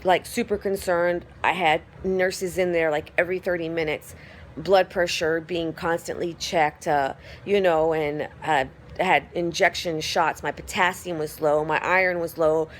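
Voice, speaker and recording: A woman's voice: lowish voice, a little hiss or hum. A woman giving a casual phone vlog update, telling her story in a rambling way with lots of fillers. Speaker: vlogger.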